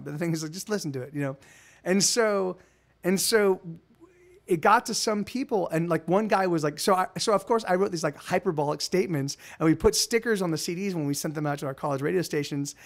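Man, high-pitched, casual live-stream chat, rambling, swears a lot, restarts sentences. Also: fast talker. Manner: rambling, profane storytelling with many restarts. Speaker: musician hosting a live stream.

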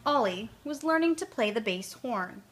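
A woman storyteller reading a children's story aloud in a gentle, expressive way. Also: fairly high pitch, moderate pace, a little hiss or hum.

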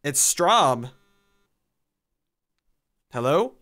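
A man's voice: on the high side, sing-song, very slow, bright, forceful tone. A man doing comedic game commentary, complaining in a whiny, exasperated way. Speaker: gameplay skit narrator.

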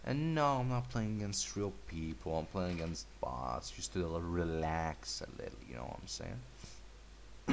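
A man with a low voice drawls through casual gameplay commentary at an unhurried pace. He mutters along, then bursts into swearing and trash talk at his opponents. A faint hiss sits under the recording. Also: sing-song. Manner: laid-back and mumbly, breaking into swearing, trash talk and yelps at the game.

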